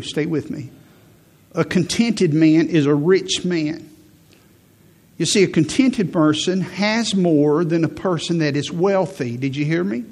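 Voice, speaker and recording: Middle-aged guy preaching a sermon, husky gravelly voice, keeps repeating his point for emphasis. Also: on the high side, darkish tone. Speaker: pastor.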